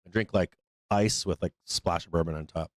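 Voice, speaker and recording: A man's voice: low-pitched, moderate pace, dry recording. A man hosting a live stock trading stream, talking loosely and profanely with lots of fillers. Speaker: trading show host. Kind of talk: casual live-stream market commentary.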